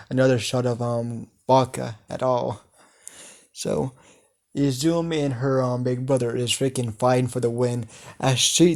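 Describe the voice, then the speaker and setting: A man's voice: medium pitch, darkish tone. A man improvising a fan story aloud, hesitant with many fillers and laughing at his own plot.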